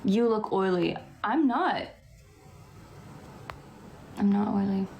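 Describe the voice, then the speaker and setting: A woman's voice: mid-range voice, lively intonation, takes it slowly, gravelly, a little mellow, slight background noise. Chatty young West Coast Canadian woman. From Vancouver, Canada. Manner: chatty, laughs often, fills with "like". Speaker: livestream host. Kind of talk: casual livestream chat answering comments.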